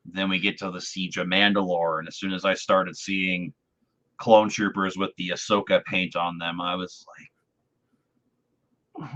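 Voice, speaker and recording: A man's voice: low voice, flat delivery, a little slow, bright, forceful tone. A man hosting a podcast, chatting casually and enthusiastically as a fan. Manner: enthusiastic, talkative. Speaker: podcast host. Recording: dull lo-fi audio.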